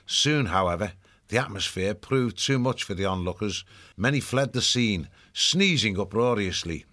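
A man's voice: fairly low pitch, normal speed. Man narrating a storybook. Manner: even, storytelling delivery. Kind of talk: scripted audiobook narration.

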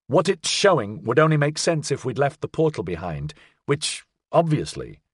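A man's voice: mid-range voice, big pitch swings, normal speed, breathy edge, dry recording, clean studio sound. A man voicing a tough, injured woman pilot who speaks tersely and bluntly in an audiobook. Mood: tense.

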